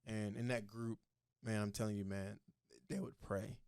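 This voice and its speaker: A man's voice: fairly low pitch, flat delivery, normal speed, a little mellow, clear, resonant tone, no room sound, studio quality. A young man, a podcast guest, telling his faith story in a casual, earnest way and acting out the voices of the people in it.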